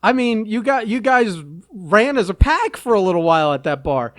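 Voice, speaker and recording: A man's voice: sits high, expressive, normal speed, no room sound. Dry, teasing male co-host. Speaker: podcast co-host. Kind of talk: casual chat.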